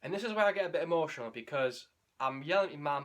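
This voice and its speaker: A man's voice: on the high side, expressive, rapid-fire, fairly bright tone. A young man, a running vlogger telling his race story in a candid, emotional, rambling way with restarts. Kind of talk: candid spoken race recap.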